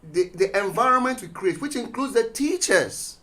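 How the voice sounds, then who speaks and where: A teacher joins a radio discussion in the studio, his voice extremely high in pitch and at a normal speed. He's an animated storyteller, giving voice to the quotes in his school anecdotes.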